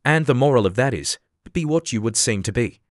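A man's voice: mid-range voice, expressive, fairly quick, no room sound, clean studio sound, natural voice. A man reading as a prim, moralizing Duchess. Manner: prim, sententious. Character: moralizing, agreeable old female Duchess.

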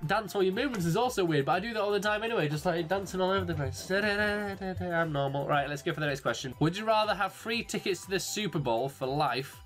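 A man's voice: sits high, animated, a little fast, few pauses, fairly bright tone, soft background music. Chatty young English man, rambling and jokey. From England. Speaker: YouTuber. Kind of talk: casual solo commentary. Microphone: desk microphone.

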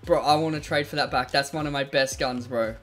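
A man doing casual, excitable gameplay commentary with friends in an online game. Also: medium pitch, brisk. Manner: chatty, excitable, bursts into loud laughing outcries. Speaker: gaming YouTuber.

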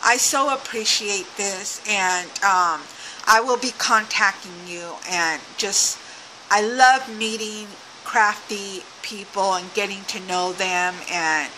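A woman's voice: medium pitch, takes it slowly, sharp tone, a little hiss or hum, low-quality recording. A woman craft vlogger opening a swap package, gushing and exclaiming as she goes. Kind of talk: casual unboxing chat.

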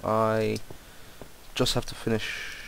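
A man's voice: lowish voice, monotone, slow, gravelly, fairly bright tone, a little hiss or hum, poor audio. A young man casually commenting on a game he is playing, rambling and distracted, often swearing and exclaiming. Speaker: Let's Play commentator.

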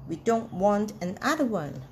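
Woman voicing shouty village crowd. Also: medium pitch, expressive, a little slow, slight background noise, voice pushed down, natural voice. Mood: hostile. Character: crowd of wary village folk, mixed ages.

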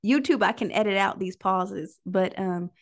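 A woman hosting a prayer livestream, preaching in an emotional, near-tearful way and pausing often to listen. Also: medium pitch. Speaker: host of a prayer call livestream. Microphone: livestream microphone.

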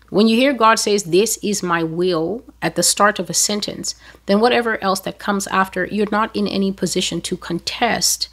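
A woman delivers a prophetic sermon in a voice of middle pitch. She speaks with strong emphasis and often rises to sudden loud peaks, sometimes slowing down and sometimes rushing ahead. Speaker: prophecy preacher. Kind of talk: sermon-style prophetic teaching.

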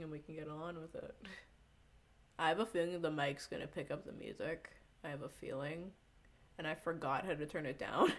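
Giggly swearing young woman streamer. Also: sits low. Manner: rambling, giggly, swears a lot. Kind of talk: casual live-stream chat.

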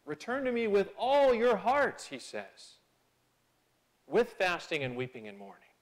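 A man's voice: wildly swooping pitch, unhurried. A man preaching a sermon in church, earnest and conversational, swelling on key phrases and slipping into small restarts. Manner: earnest, rises in pitch and loudness on key phrases. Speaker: pastor. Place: church sanctuary.

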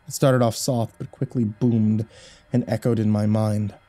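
Horror narrator, male, mellow dark voice, soft music under it. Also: on the low side, level tone, a little slow. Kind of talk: scripted first-person horror narration.

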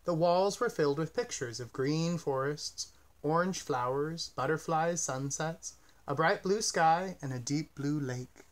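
A man reading a children's picture book aloud in a gentle, expressive storytelling manner. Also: fairly high pitch, measured pace.

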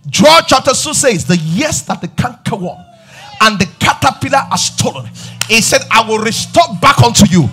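Nigerian pastor, male, high and bright, shouting sing-song preaching with call-and-response. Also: very animated, moderate pace, soft background music. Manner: repeats refrains and calls on the congregation. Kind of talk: sermon. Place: church service.

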